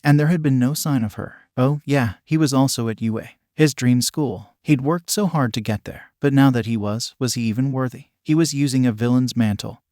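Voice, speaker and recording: A man narrating a fan-fiction story as a steady audiobook reading. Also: medium pitch, normal speed, hardly any pauses, no echo, studio quality.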